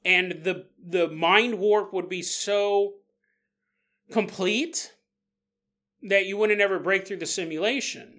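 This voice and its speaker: A man talks through a casual podcast monologue with a high, bright voice. He laughs often and leaps into exaggerated voices for the people he quotes. The delivery is loose and jokey. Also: slow, long pauses. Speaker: podcast host.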